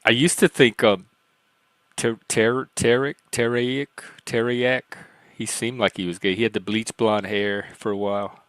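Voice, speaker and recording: Male stream host, casual and rambling, light youthful voice, mid pitch, dry close sound. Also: fairly even intonation, unhurried, fairly bright tone, no echo. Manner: rambling, self-mocking, laughs often. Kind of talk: casual chat.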